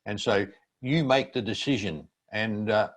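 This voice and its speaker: An older man teaching a student seminar, explaining speaking skills in a measured, instructive way. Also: fairly low pitch. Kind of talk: seminar presentation.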